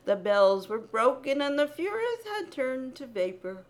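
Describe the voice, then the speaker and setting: A woman giving a dramatic poetry reading, incantatory, with sudden loud outbursts. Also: medium pitch, lively intonation, measured pace.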